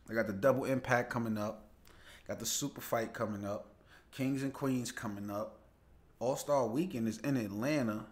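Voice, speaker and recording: A man's voice: mid-range voice, normal speed. A young man hosting a casual live show, chatting loosely, greeting viewers by name and laughing easily as he reads their comments. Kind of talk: casual livestream chat reading viewer comments.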